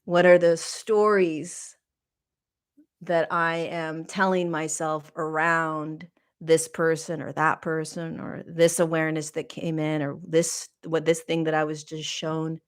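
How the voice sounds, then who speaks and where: A middle-aged woman hosting a podcast, speaking slowly in a reflective spiritual monologue, halting and emotional as she searches for words. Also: deep voice, little pitch movement, clean tone. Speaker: podcast host.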